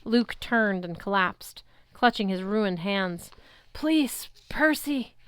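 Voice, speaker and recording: Woman narrator for a first-person novel reading; steady, clear, dry close sound. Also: medium pitch, slow pace, dry recording. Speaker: audiobook reader.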